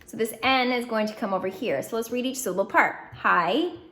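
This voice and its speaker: A woman teaching a phonics lesson, drilling syllables slowly and clearly with encouraging prompts. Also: on the high side, fairly bright tone, a little hiss or hum. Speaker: reading teacher. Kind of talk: phonics lesson to young students.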